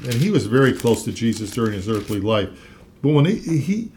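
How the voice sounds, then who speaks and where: An earnest man teaches the Bible in a relaxed, conversational way, sharing a talk show with a co-host. When he reads scripture aloud he builds his emphasis, then drops back to plain chat. His voice sits at an ordinary middle pitch for a man. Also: fairly quick, slight background noise.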